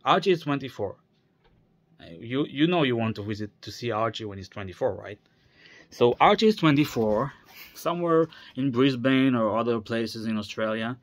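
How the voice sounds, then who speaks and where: A man's voice: medium pitch, lively intonation, normal speed. Tired man rambling in a casual vlog. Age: 30s. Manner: meandering, many fillers and restarts, trails off. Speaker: vlogger.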